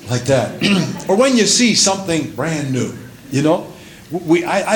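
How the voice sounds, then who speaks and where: A man preaching a sermon as a pastor, breaking often into praise and hallelujahs and building up to shouting at the climaxes. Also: a little high, lively intonation, normal speed, roomy sound, rough recording.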